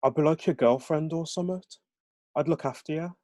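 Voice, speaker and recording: A man's voice: fairly high pitch, fairly quick, dark tone, no room sound, pitched above the performer's own voice, lightly acted. A man doing an eager young Brummie lad. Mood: earnest. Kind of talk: reading aloud from a novel.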